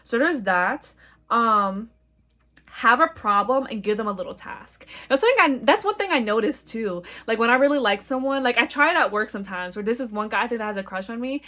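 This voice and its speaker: A loud young woman with a slightly high voice, hosting her own podcast. She talks in a blunt, profane, chatty way, and now and then she catches on a word because of her stutter. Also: animated, fairly quick. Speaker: podcast host. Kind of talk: casual solo podcast monologue.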